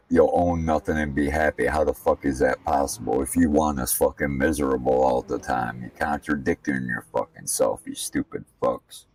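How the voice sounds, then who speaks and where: A man's voice: rumbling low, vocal fry, recorded from a distance. A man giving casual, profane commentary while practicing laps as a sim racing streamer, ranting bluntly between remarks on the car. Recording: voice set back from the mic.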